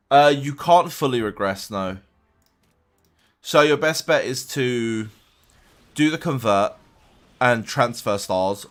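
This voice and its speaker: A young male streamer talks loosely from his room at home, answering viewer questions in a chatty way. He often restarts his words, and his voice sits at an ordinary middle pitch for a man. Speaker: game streamer. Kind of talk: casual live-stream chat.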